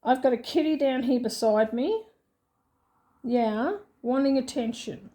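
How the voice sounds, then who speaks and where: An Australian woman with a high-sitting, mellow voice speaks at a measured pace as a budgeting vlogger at home, her cat nearby. Her casual, unscripted vlog chat rambles and repeats itself as she goes.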